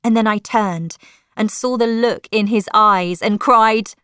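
A woman reads a first-person novel aloud with emotive, heartfelt storytelling. Her pace is slow and deliberate, and the recording is dry and close. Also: medium pitch, a bit bright, clear, resonant tone, dry recording. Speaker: audiobook narrator.

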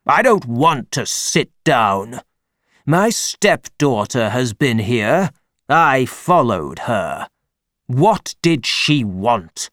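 A man reading an audiobook, voicing a huge, angry, threatening older man who talks loud and slow. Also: medium pitch, sing-song, dry recording, clean studio sound, full character voice. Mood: menacing.

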